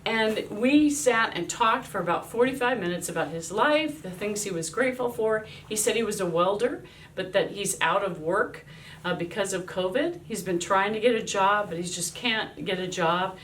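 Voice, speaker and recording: A woman in her fifties, an army chaplain, telling a devotional story in a lively way and acting out the voices she quotes. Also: mid-range voice, normal speed, recorded from a distance, slight background noise.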